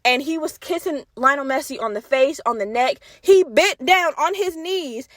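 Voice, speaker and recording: A young woman with a high-pitched voice talks at a moderate pace in clean studio sound with no room noise. Hosting her own casual podcast, she laughs, swears, stutters slightly, and chats animatedly straight to listeners.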